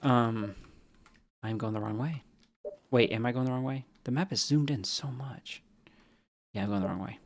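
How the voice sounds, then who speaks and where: A man's voice: mid-range voice, moderate pace, long pauses. A man streaming a video game, rambling casually, answering chat, and making jokey asides, with a stuffy nose from allergies. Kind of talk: casual live-stream chat while playing.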